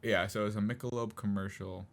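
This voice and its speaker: A man's voice: fairly low pitch, steady tone, fast, a little hiss or hum. A man co-hosting a casual podcast chat, rambling with lots of fillers and frequent laughs. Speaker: podcast co-host.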